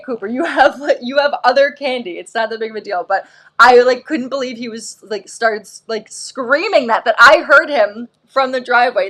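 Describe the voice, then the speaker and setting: Woman host on a live stream, kinda high voice, rambly and animated, lots of likes and ums. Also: a little fast. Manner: animated storyteller, acts out quotes, lots of "like" and "um". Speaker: host of a live shopping show. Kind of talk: casual chatty live stream.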